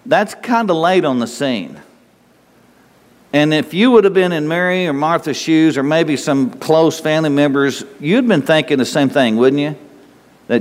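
A man's voice: a little high, expressive, moderate pace. A man preaching a conversational sermon in a folksy way, chuckling and asking his listeners rhetorical questions. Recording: long hall reverb.

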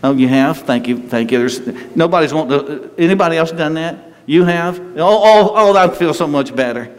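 A man's voice: fairly high pitch, moderate pace. A man preaching a conversational sermon to a congregation, folksy and joking with the people in the pews. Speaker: pastor. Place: church sanctuary with congregation. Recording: long hall reverb, faint ambient noise.

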